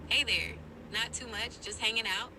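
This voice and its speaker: A woman's voice: fairly high pitch, moderate pace. A synthetic woman's voice of an AI assistant, chatting in an upbeat, friendly and polite way, played over a phone speaker. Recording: phone speaker with background noise.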